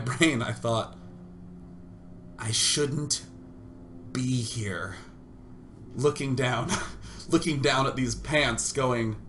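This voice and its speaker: A young adult man hosting a show, telling a comedic story in an animated, self-mocking way with loud bursts. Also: fairly high pitch, a little hiss or hum. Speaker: show host.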